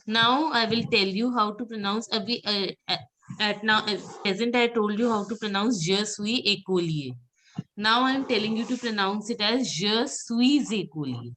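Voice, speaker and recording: A woman's voice: a little high, steady tone, moderate pace, sharp tone, a little hiss or hum. A woman teaching French pronunciation in an online class, patiently repeating words for her students over a video call.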